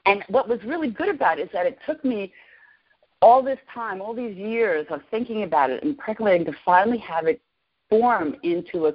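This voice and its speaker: A woman in her sixties, a podcast guest, excitedly and emotionally telling a personal story. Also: mid-range voice. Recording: lo-fi podcast audio.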